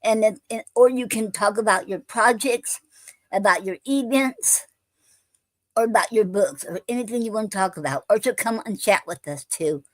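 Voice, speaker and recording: A woman hosts a live poetry show and reads her own verse aloud. Her voice sits at an ordinary middle pitch and sounds close and dry, with no room around it. Between poems she lingers over fillers and pauses. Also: no room sound, poor audio. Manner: unhurried, with many fillers and pauses between readings. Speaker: host of a poetry livestream.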